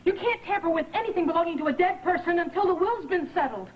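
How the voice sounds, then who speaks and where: A flustered bank clerk. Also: female voice, very high voice, animated, quick pace. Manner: nervous, flustered, stammering. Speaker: bank employee in a soap. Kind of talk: 1980s TV soap acting. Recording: old TV broadcast, muffled.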